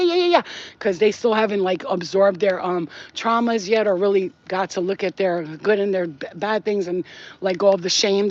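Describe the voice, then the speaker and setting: A woman's voice: mid-range voice, a little mellow, lo-fi sound. A woman talking casually and earnestly into her phone, speaking straight to spirits and repeating her blessings with emphasis. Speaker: spiritual healer vlogger. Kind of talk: casual spoken message to spirits.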